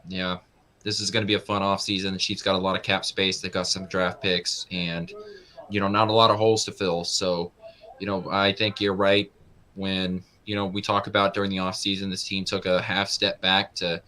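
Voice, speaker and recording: A man's voice: low-pitched, level tone, normal speed, bright, forceful tone. A young man co-hosting a casual sports talk, analytical and full of fillers. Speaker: co-host.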